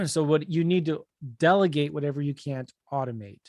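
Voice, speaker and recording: Man, real estate coach, host, conversational, acts out quotes, higher voice, dry close sound. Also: moderate pace, no room sound. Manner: animated, acts out people's thoughts in quotes.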